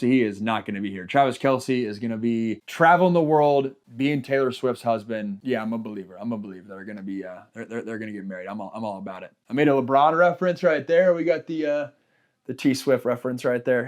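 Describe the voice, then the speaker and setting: A young man hosting a sports show, talking through football careers in an energetic, conversational way. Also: mid-range voice. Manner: energetic, conversational, trails off at ends of points. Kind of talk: solo sports commentary.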